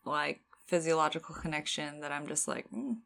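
A woman's voice: sits low, monotone, moderate pace, gravelly, a bit bright. A woman co-hosting a casual chat, joking and laughing easily. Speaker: podcast co-host.

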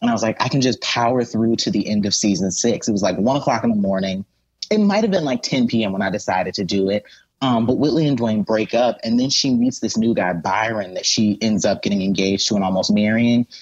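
Male podcast co-host, husky and casual, animated recapper; dry, slightly muffled sound. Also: fairly low pitch, brisk, no room sound. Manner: animated storyteller who acts out characters' voices.

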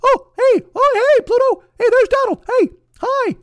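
A man doing an impression of a relentlessly cheerful cartoon mouse in a very high squeaky falsetto. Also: measured pace, no room sound, studio quality. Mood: gushing cheer. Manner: chirpy, over-the-top cheerful.

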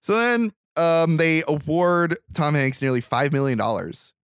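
With a fairly high, smooth voice and a slightly slow delivery, a man recaps a movie scene by scene for his podcast, performing the characters' lines and cursing loosely. The recording is dry and of studio quality.

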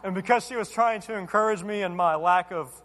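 Male pastor in his thirties, high voice, animated self-deprecating storytelling sermon, long reverb of a large hall. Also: fairly quick, a little hiss or hum.

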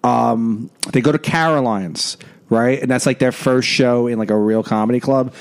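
A man's voice: mid-range voice, moderate pace, smooth. A man co-hosting a podcast, rambling and laughing through casual comedy banter. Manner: rambling, laughing, speeds up when excited.

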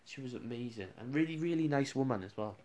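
A man's voice: mid-range voice, lively intonation, quick pace, darkish tone. A man, a radio presenter, casually rambling through funny school anecdotes with restarts and chuckles.

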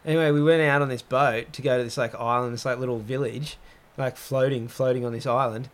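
A young man hosting a podcast, telling stories in casual chat, full of "like" and acted-out quotes. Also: brisk. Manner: animated storyteller, heavy use of "like", acts out quotes with rising pitch. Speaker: podcast host.

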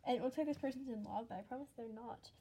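Giggly teen girl with a high voice. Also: racing, dark tone, a little hiss or hum, rough recording. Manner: self-mocking, giggly, drops into whispers. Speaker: vlogger. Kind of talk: casual commentary on old sketchbook. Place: bedroom at home.

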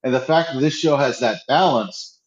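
Excitable man in a roomy dull-sounding room. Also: medium pitch, normal speed. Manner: enthusiastic, restarts often, acts out quotes. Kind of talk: casual pop-culture chat. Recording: roomy, slightly dull audio.

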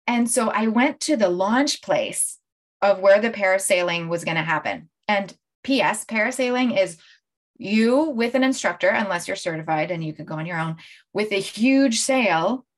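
A woman's voice: medium pitch, measured pace. Chatty, laughing woman coach on a livestream. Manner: laughs often, animated and chatty. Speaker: life coach hosting a livestream. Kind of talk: casual live-stream talk to viewers.

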